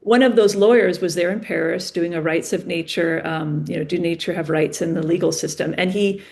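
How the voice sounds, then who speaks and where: A woman appearing as a podcast guest tells stories in relaxed conversation, animatedly acting out the dialogue. Her voice is lowish, creaky and a touch fast.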